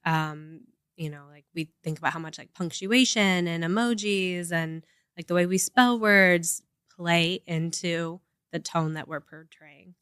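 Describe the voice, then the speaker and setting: A woman's voice: fairly low pitch, unhurried, fairly bright tone, clear, resonant tone, dry recording, clean studio sound. A woman co-hosting a casual podcast chat, explaining with examples and lots of "like" and "right?". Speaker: podcast co-host.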